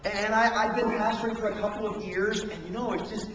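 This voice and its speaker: A middle-aged male pastor preaches a conversational sermon in a church sanctuary, acting out little inner dialogues. His voice is high, fairly bright and fairly even in intonation, and he speaks briskly. A camcorder at the back of the room records a distant, echoey sound with a little hiss or hum.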